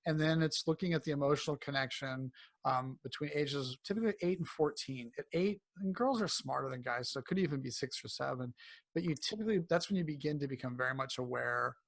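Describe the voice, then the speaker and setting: A man's voice: mid-range voice, quick pace, dry recording. A man speaking as a cancer coach in a conversational interview, rambling with many fillers and restarts, and turning emphatic and enthusiastic when he praises.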